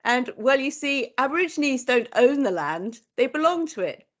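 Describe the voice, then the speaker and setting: A woman's voice: high-pitched, sing-song, moderate pace. A woman reading out the lines of a laid-back male outback bushman in a storytelling cadence. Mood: wry. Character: laconic male outback bushman explaining land.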